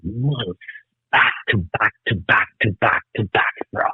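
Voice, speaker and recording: A man in his fifties from Cuba, telling stories as a guest musician in an excitable, rambling way, swearing a lot. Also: on the low side, unhurried, slightly rough, no room sound. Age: 50s. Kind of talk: casual storytelling interview. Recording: tinny phone-like call line.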